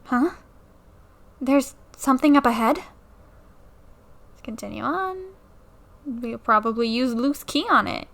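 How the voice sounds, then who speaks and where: A woman's voice: a little high, normal speed, fairly bright tone. A young woman casually commenting on a game at home into a new mic, playfully reading the dialogue aloud and joking about it. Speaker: let's play creator. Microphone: new desktop mic.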